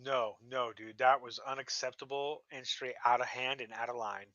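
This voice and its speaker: Bright-voiced swearing young man. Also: medium pitch, steady tone, moderate pace, no room sound, lo-fi sound. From Montana. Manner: swearing, rambling storyteller. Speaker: livestream host. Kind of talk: casual crypto chat with friends.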